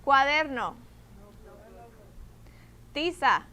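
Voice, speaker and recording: A woman with a high, bright voice teaches her class at an unhurried pace. She explains patiently and keeps checking that the students follow. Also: expressive. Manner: patient, repeats "okay?" to check understanding. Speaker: Spanish teacher. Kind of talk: classroom instruction.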